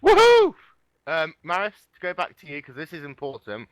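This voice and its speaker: A man's voice: fairly high pitch, lively intonation, a little fast, bright, forceful tone, dry recording, poor audio. A man doing lead commentary on a live sim racing broadcast, chatty and joking.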